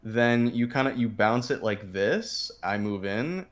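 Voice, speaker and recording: A man's voice: mid-range voice, animated, unhurried. A man coaching a player through game tactics in casual talk, explaining patiently with frequent fillers and restarts. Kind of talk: casual coaching over a screen share.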